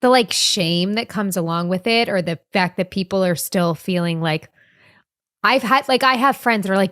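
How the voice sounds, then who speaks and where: A woman's voice: mid-range voice, normal speed, fairly bright tone, dry recording, clean studio sound. A woman guest on a podcast, speaking earnestly and emphatically in casual chat.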